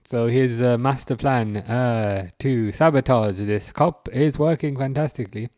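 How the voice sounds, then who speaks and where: Excitable man hosting a live watchalong. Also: mid-range voice, measured pace, dry recording, studio quality. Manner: excitable, laughing, stumbling restarts. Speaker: livestream host reading chat. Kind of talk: casual live football watchalong chat.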